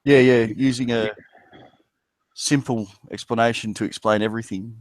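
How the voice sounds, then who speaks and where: A man's voice: medium pitch, steady tone, normal speed, dry recording. Rambling Australian man, dry close sound. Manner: rambling, crude jokes, playful. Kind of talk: casual chat.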